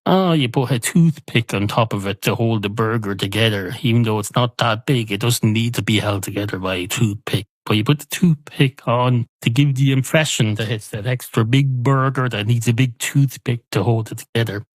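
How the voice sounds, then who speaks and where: A man's voice: mid-range voice, moderate pace, hardly any pauses, no echo, voice pushed up, close to an everyday voice. An Irish man voicing a fussy, demanding male cat ordering a pint, in a pedantic, complaining comic storytelling manner.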